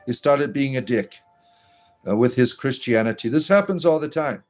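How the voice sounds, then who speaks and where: Man, livestream host, put-on Irish-sounding lilt, sardonic and irreverent, mid-pitched voice, faint music behind. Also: animated, normal speed, darkish tone. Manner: puts on a lilting Irish-sounding fantasy accent. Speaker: livestream host reading viewer chat. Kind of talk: casual livestream chat.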